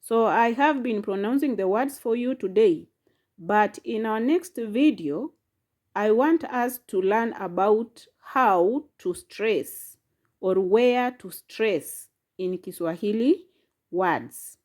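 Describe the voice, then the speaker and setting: A woman's voice: medium pitch, lively intonation, slow pace, darkish tone. A woman teaching a language lesson, saying each word and syllable carefully and repeating it. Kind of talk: slow instructional lesson.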